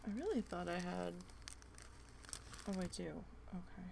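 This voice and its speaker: A young woman with a New Jersey accent, chatting casually and thinking out loud while she works on a craft project. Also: lowish voice, lively intonation, unhurried, gravelly, heavy background noise. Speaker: craft vlogger.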